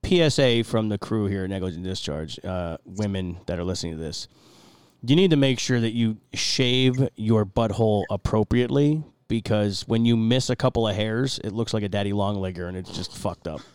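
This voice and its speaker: A man's voice: fairly low pitch, moderate pace, darkish tone, clean tone, dry recording. A man co-hosting a podcast, teasing his guests with crude jokes in casual banter. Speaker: podcast co-host.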